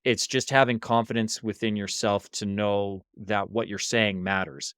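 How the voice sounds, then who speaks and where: Animated storytelling man, dry close sound. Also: on the low side, measured pace, clear, resonant tone, no room sound. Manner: animated storyteller, acts out quoted voices. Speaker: podcast guest, workshop leader. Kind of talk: casual interview storytelling. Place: hostel room.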